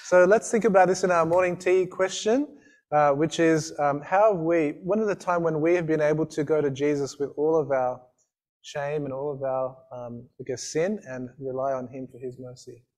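A man co-leading a church service, posing a reflection question in a relaxed, hesitant way. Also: on the high side, normal speed.

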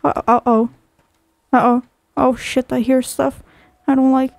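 High-voiced, jumpy woman gaming. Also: steady tone, a little slow, no echo. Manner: jumpy, heavily profane, talks to herself. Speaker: game streamer. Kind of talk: horror game let's play commentary.

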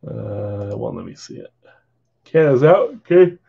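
A man's voice: mid-range voice, sing-song, unhurried, vocal fry, husky. A man hosting a live card break stream, chatting casually while calling out bids and sales. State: yawning, tired. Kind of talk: live-stream auction chat. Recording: slightly dull lo-fi stream audio.

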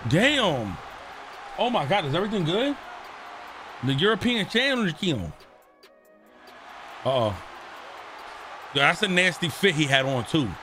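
A man's voice: sits high, very animated, unhurried, long pauses, music in the background, crowd noise. A young man streaming a video game, talking casually and cursing at the screen. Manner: profane, trash-talking. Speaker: gaming streamer. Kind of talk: casual gameplay commentary. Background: video game audio.

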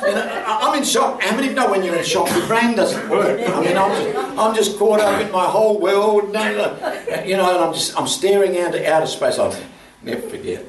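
An older man, preaching an animated sermon that he tells as a story, laughing as he goes. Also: high-pitched, fairly quick, hardly any pauses, over a noisy crowd. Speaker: pastor. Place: church. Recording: roomy church sound from a distant mic.

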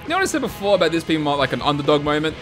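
A man giving foul-mouthed, sarcastic let's-play commentary, breaking into shouts and laughter. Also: fairly high pitch, sing-song, very fast, over music. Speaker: gaming YouTuber.

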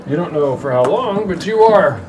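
High-pitched dude running a tabletop game, slow deliberate narration, noisy stream audio. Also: male voice, lively intonation. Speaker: game master.

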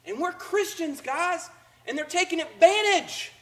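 A man's voice: very high-pitched, unhurried, rough recording. A man preaching a conversational sermon as pastor, acting out the voices of the people he describes. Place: church sanctuary.

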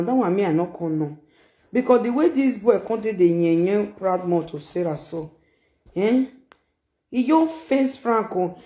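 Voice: mid-range voice, warm tone, roomy sound. A speaker with a Nigerian accent giving casual reaction commentary on social media drama, exclamatory and given to repeating phrases. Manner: exclamatory, repeats phrases, mixes Pidgin and Yoruba.

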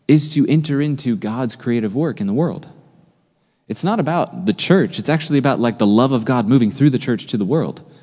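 Conversational pastor in a reverberant hall. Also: male voice, medium pitch. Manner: conversational, animated, asks the congregation questions. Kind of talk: sermon. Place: church sanctuary.

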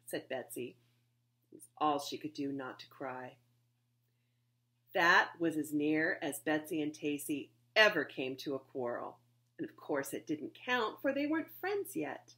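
Slow, lively woman reading a storybook. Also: low-pitched. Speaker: reader, society board member. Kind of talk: reading a children's book aloud.

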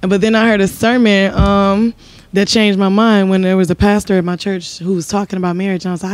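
A woman guest on a podcast, telling stories in a lively, casual way and acting out what people said. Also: mid-range voice, a little fast, no room sound. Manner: animated storyteller, acts out quotes.

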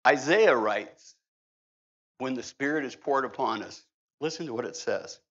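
In a church sanctuary, a middle-aged male pastor preaches a conversational, humorous sermon. His mid-range voice is a little slow with a fairly bright tone, captured on a slightly dull, lo-fi church recording.

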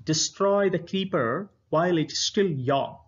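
A man with an Indian English accent reading the lines of a wise old bird who calmly gives advice in a storybook reading. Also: sits high, dull audio, voice pushed up. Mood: advising. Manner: measured, advising.

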